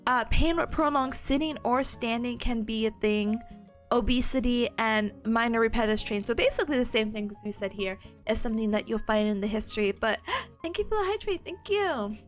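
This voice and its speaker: A young woman with a hoarse, fading voice, reviewing study notes for her stream in a bubbly, giggly, chatty way. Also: on the high side, fairly quick, faint music behind.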